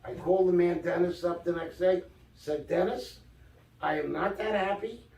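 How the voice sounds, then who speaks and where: Older New man, high voice, animated storyteller, off-mic in an echoey room. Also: normal speed, creaky, distant mic. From Brooklyn, New York. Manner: animated storyteller, acts out quoted dialogue. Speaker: guest author. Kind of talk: casual storytelling interview.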